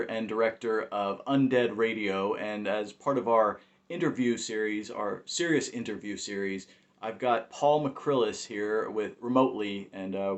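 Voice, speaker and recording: A man hosting and directing a podcast, interviewing a guest casually with halting, filler-laden questions. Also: lowish voice, lo-fi sound.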